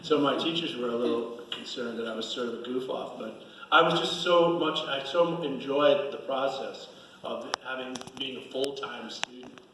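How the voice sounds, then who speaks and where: A man's voice: mid-range voice, moderate pace, fairly bright tone. Rambling man telling stories in an echoey hall. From Connecticut, USA. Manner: rambling, self-mocking anecdotes with many restarts. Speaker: guest actor at a fan Q&A. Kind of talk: casual storytelling on stage. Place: convention hall stage. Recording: echoey hall, distant mic, faint noise.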